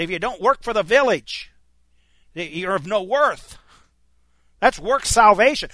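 A man's voice: high voice, pushed and bright, no room sound. A man preaching a sermon, emphatic and stopping often to restart his words. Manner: emphatic, frequent stammered restarts.

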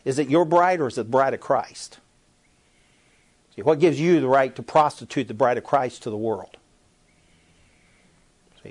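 A man's voice: mid-range voice, darkish tone, husky. Male preacher, mid voice, emphatic sermon delivery, lots of rhetorical questions and restarts. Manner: repeats and restarts phrases. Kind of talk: sermon-style teaching talk.

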